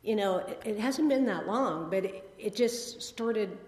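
A mellow, expressive woman's voice of medium pitch and measured pace belongs to a sixty-something speaker at a recovery meeting. Her testimony is rambling and self-deprecating, laced with fillers and restarts, and long reverb fills the echoey hall.

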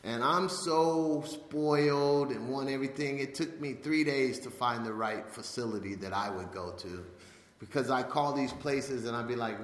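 A man's voice: medium pitch, normal speed, a bit bright, a little hiss or hum. A man in his fifties telling his life story to an audience, acting out the voices of the people in it. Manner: storytelling, acts out quoted voices. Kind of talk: personal testimony talk. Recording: echoey hall with long reverb.

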